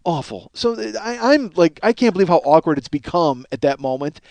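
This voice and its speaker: A man's voice: a little high, animated, a little fast, darkish tone, dry recording. A man hosting a podcast, telling a rambling, profane comic story with mounting exasperation. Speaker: podcast host.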